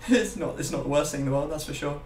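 A man's voice: a little high, quick pace, a little mellow, reverberant, recorded from a distance, soft background music. A young man hosting a gaming video, chatting casually and rambling with self-mocking jokes. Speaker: YouTube gaming host.

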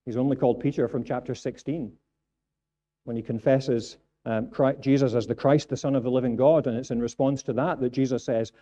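Scottish preacher with a dark, dull tone. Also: male voice, mid-range voice, fairly quick. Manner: animated preaching, builds to raised emphatic passages. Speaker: pastor. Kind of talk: sermon. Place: church sanctuary. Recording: dull lo-fi sound.

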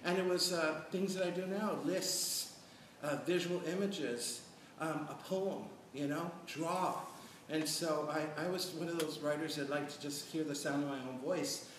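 A middle-aged man on a panel, telling stories in an animated, chatty way and checking in with "right?". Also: on the high side, a little slow, few pauses. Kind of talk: storytelling on a panel. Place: large echoey hall at a panel event. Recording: echoey hall from far off, noisy.

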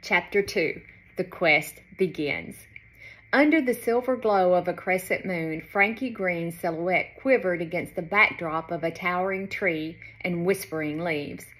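A woman author reading her children's storybook aloud in an expressive, lilting way. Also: fairly low pitch, unhurried.

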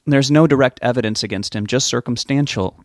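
A man's voice: medium pitch, fairly quick, no room sound, clean studio sound, natural voice. A man reading a novel aloud, voicing a worried middle-aged mother who is near tears on the phone. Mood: distressed. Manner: distressed, pleading, near tears.

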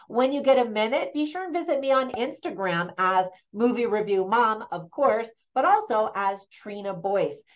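A woman's voice: mid-range voice, lo-fi sound. A middle-aged woman casually reviewing a film as host, in a chatty, friendly way with easy laughs between points. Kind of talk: casual spoken movie review.

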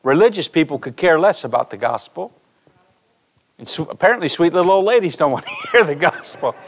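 Male pastor, high voice, animated storytelling sermon, talks to the congregation. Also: a little fast, a little hiss or hum. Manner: storytelling preacher, animated, addresses congregation directly. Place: church sanctuary.

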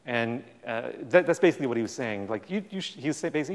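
A man's voice: mid-range voice, very fast, hardly any pauses. A man at a lectern tells stories with energy, acting out the dialogue and scattering "um"s as he goes. His mid-range voice rings with the long reverb of a large hall. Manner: animated storytelling, acts out quoted dialogue. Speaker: guest speaker. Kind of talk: public talk with audience Q&A.

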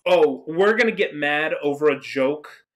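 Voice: medium pitch, expressive, a little slow. Exasperated ranting video commentator. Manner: exasperated, swearing, sudden loud outbursts; reads quotes aloud and interrupts them.

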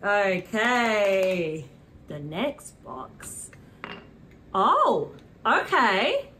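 A young woman with a British accent, presenting a preschool lesson in a slow, sing-song, animated way, with gasps and cheers. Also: medium pitch, a little hiss or hum. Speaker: children's presenter. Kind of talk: preschool teaching.

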